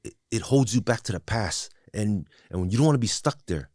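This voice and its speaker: A podcast guest speaks in a lowish, animated voice, a little fast and darkish in tone, recorded in a clean, echo-free studio. In a candid interview he reflects on his past and his recovery, often restarting and saying "you know what I mean."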